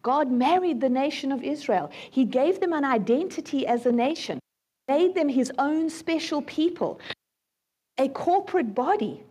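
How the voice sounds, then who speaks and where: Woman preacher, very high voice, expressive, Bible teaching with acted-out voices. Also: moderate pace. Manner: animated, acts out voices in dramatic retellings. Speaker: prophet and teacher.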